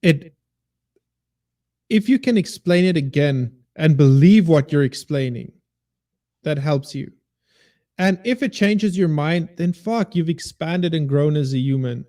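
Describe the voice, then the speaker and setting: A man's voice: on the high side, measured pace, long pauses, dark tone. A man who teaches, a guest on a casual podcast, making his points with emphatic repetition and a preachy tone.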